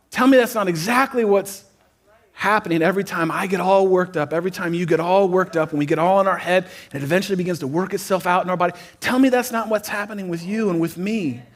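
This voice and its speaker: A man preaching from a church stage to the congregation, his voice sitting notably high for a man. He builds energy by repeating phrases and pushes some lines up to near-shouts. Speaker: pastor. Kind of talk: sermon. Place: church auditorium before a congregation.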